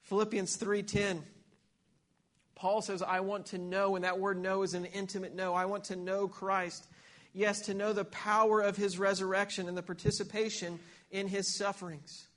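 Male pastor, sermon; high, flat-toned voice; reads Scripture, repeats words on restarts. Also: normal speed. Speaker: preacher.

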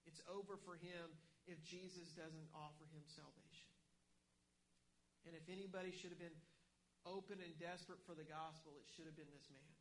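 A man with a rather high voice delivers an earnest sermon, pressing his points with emphasis and frequent restarts. A faint hum runs beneath the recording. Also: steady tone, moderate pace, low-quality recording. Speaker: pastor.

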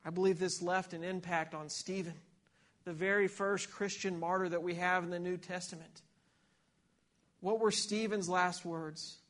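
A male preacher with a high voice that stays level and barely rises or falls. He reads Bible passages aloud and explains them, often repeating words as he restarts a phrase. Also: fairly even intonation, normal speed, a bit bright. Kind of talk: sermon.

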